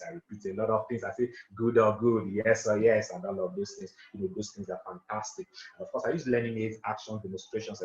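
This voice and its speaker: A man running an interactive online class, talking fast and emphatically, repeating points and asking for confirmation. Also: fairly low pitch, roomy sound, muffled recording. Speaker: online trainer and coach. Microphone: video call.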